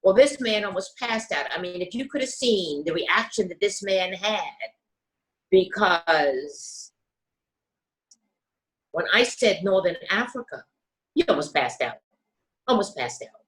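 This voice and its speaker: An older woman from the United States, a guest telling her life story in a measured, careful way, acting out voices of people she quotes. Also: mid-range voice, lively intonation, low-quality recording. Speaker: interview guest.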